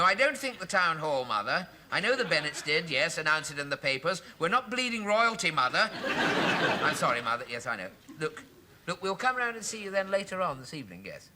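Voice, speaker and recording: Fussy, giggly clerk; bright, lively, fairly high voice; sitcom. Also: male voice, a little hiss or hum, exaggerated voice. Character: fussy, excitable office clerk man, mother-ruled. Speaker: sitcom lead actor. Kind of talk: 1970s television sitcom acting.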